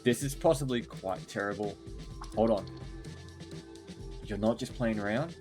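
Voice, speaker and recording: A man's voice: on the low side, a little slow, music in the background. A man playing a fantasy game, reading its text aloud and reacting with playful comments. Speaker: gaming streamer. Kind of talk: let's-play narration and reaction.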